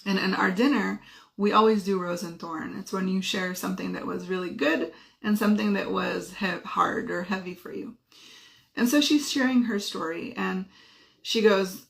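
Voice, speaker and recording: A woman in her thirties tells a personal story straight to the camera in an easygoing, lively way. Her voice has a gravelly, fried edge, and she jumps up high to act out other people's lines. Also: moderate pace. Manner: animated, acts out quotes with shifting pitch. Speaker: host.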